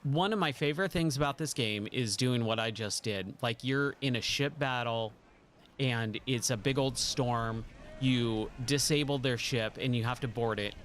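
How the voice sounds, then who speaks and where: Excited male game streamer. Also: mid-range voice, normal speed, slight background noise. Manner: enthusiastic, chatty, laughs often. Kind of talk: casual gameplay commentary.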